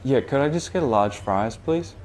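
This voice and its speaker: A man's voice: mid-range voice, animated, moderate pace, music in the background. A sick man with a stuffy, nasal voice, joking and apologetic while chatting during a live match. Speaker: esports player. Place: fast-food restaurant.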